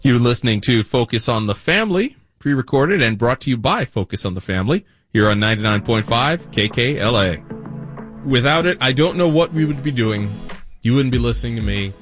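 Radio host guy talking faith over music, lively up and down voice, calm and reflective. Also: medium pitch, fairly quick. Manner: reflective, gently encouraging. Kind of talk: devotional radio talk. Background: soft music.

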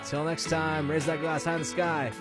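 A man's voice: on the high side, flat delivery, normal speed, over music. A man hosting a radio show, chatting in a jokey, playful way with mock-dramatic asides. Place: radio studio. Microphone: studio mic.

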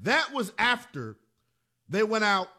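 A man's voice: sits high, very animated, slow, bright, forceful tone. A man hosting a sports talk radio show, delivering an emphatic monologue and repeating phrases for punch.

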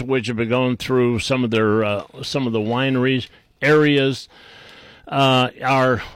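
A man's voice: mid-range voice, fairly bright tone, no echo. A man hosting a talk radio show, rambling and irreverent, with many fillers and restarts. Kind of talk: casual talk radio monologue.

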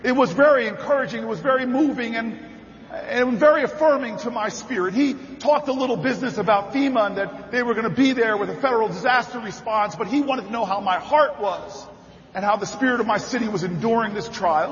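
Man, political speech, storytelling into shouted rally calls, echoey convention hall, muffled sound. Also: very high voice, a little fast, a little hiss or hum. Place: large convention hall with a crowd. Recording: echoey hall, dull sound, crowd behind.

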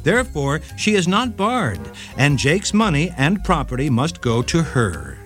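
A man's voice: fairly high pitch, unhurried, faint music behind. A man hosting a short legal radio segment, reading a scripted case story with dramatic flair. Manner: dramatic, lively storytelling read.

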